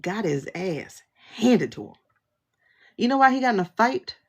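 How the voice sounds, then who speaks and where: Female livestream host; blunt, sassy, laughing rant; husky voice with lots of fry. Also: mid-range voice, very animated, measured pace. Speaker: tarot reader and livestream host. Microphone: phone livestream.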